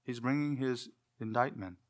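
A man speaks at normal speed in a mid-range voice while preaching an expository sermon. He frequently asks questions of his audience and answers them himself, with phrase endings that often grow softer.

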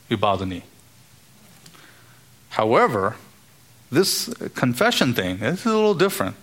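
A man's voice: mid-range voice, sing-song, measured pace, pauses often, fairly bright tone. Earnest male preacher, emphatic. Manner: earnest, emphatic, acts out quoted voices. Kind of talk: expository sermon.

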